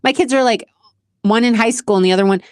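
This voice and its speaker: A woman's voice: on the high side, fast, clear, resonant tone, no echo, clean studio sound. Chatty emotional woman host. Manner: chatty, emotional, rambling with restarts. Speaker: podcast host. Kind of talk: casual chat answering question cards.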